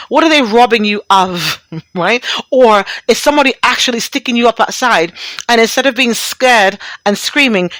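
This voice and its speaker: A woman's voice: medium pitch, fairly bright tone, no room sound. Blunt, profane middle-aged woman host. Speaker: radio show host. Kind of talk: casual, profane talk radio monologue.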